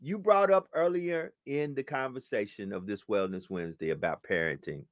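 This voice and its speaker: A man hosts a talk show discussion, lecturing emphatically and circling back to his phrases. His voice sits at a middle pitch and is recorded close and dry, with no room sound. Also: normal speed, no room sound, highs cut off.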